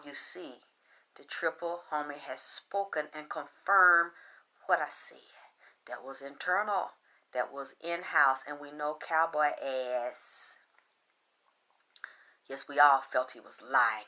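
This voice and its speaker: A woman's voice: deep voice, slow, pushed and bright. A woman who works as a psychic reader, delivering a blunt, profane, emphatic unscripted rant. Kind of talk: unscripted ranting monologue.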